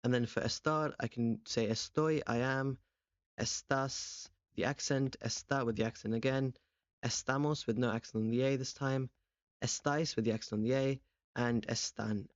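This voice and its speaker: A young man teaching a language revision lesson, explaining step by step and putting quick questions to the viewer. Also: medium pitch, no echo. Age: young adult. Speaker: language tutor. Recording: dull, slightly lo-fi close recording.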